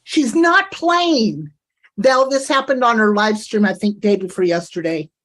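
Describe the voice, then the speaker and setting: A woman's voice: medium pitch, fairly quick. A woman streaming live reaction commentary, indignant and talking straight to her chat.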